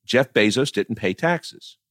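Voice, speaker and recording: A man's voice: medium pitch, lively intonation, slow pace, a bit bright, dry recording, studio quality. A middle-aged man talking politics casually, blunt and profane, often laughing as he tells stories. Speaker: political commentator.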